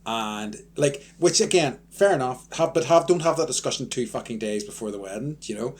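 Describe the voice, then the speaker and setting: A man's voice: mid-range voice, animated, a little fast. A man chatting on a podcast as co-host, rambling with lots of fillers and restarts. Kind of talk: casual chat.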